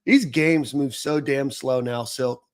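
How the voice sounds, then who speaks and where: A man's voice: mid-range voice, slow. A man hosting a sports podcast in casual chat, talking easily with many fillers. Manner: conversational, lots of fillers like um and you know. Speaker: podcast host.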